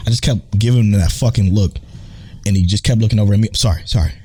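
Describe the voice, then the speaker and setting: A man co-hosting a podcast in relaxed chat, telling stories with plenty of swearing. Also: fairly low pitch, fast, breathy edge, no echo. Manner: laid-back storytelling, swears freely. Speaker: podcast co-host. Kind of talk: casual chat.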